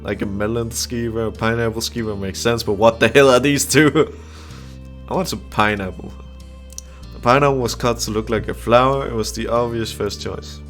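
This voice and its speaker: A young man with a fairly low voice reads a visual novel aloud in a casual gaming video. He breaks off often to laugh and to make blunt, profane remarks about the characters. Faint music plays under his voice. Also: steady tone, normal speed, fairly bright tone. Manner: reads the game text aloud, with frequent laughs and crude asides. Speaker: gamer playing a visual novel. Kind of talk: casual let's-play commentary.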